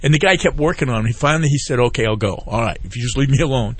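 A man's voice: medium pitch, animated, rapid-fire, husky, no room sound. A man, a veteran, telling long stories as a guest on a talk interview, often retelling other people's words and looping back as he goes. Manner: rambling storyteller who retells others' words. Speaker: veteran guest promoting a fishing group. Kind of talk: casual talk-radio interview.

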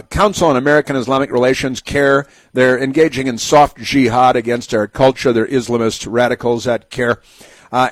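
In a dry recording, a man with a mid-range voice hosts a talk radio show. His opinionated monologue is sarcastic and rambling, full of fillers and restarts.

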